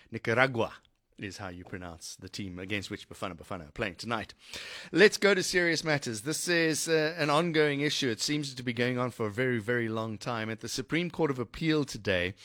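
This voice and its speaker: A man hosts live radio in a loose, chatty way, tripping over and repeating his words as he thinks aloud. His voice sits at a middling pitch, and the studio sound is close and dry. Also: a bit bright, no echo. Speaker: radio presenter. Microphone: studio mic.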